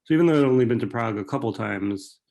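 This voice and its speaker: Speaking rapid-fire in a gravelly, darkish medium-pitched voice, a man who writes and teaches fiction takes audience questions via video call. His answers wander in a relaxed way, thick with fillers and tacked-on "right?"s.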